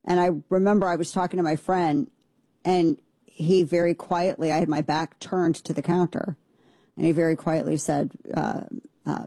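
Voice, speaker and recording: Brief: lower-voiced woman, mellow tone, forceful opinion talk, dry close recording. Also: steady tone, normal speed, dry recording. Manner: emphatic, blunt, rambling with restarts. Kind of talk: opinionated monologue.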